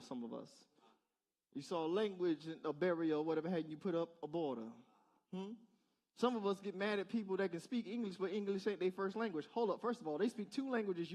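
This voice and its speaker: A male pastor giving a conversational sermon in church, asking the congregation rhetorical questions in a casual, direct way. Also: sits high. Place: church service.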